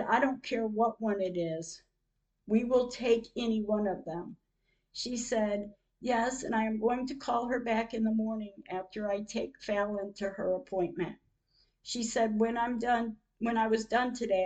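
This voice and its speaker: An older woman with a fairly high, slightly mellow voice narrates her own day like a diary for her podcast, heard on a low-quality recording. She reads out times and messages, growing emotional at points.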